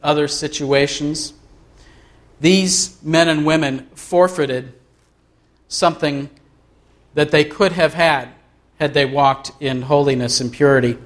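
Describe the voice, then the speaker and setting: A man preaches from the pulpit with an earnest, deliberate delivery. His voice sits a little high for a man. He stretches out his important words to drive them home. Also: steady tone. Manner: earnest, slows down for emphasis. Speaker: pastor. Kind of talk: sermon.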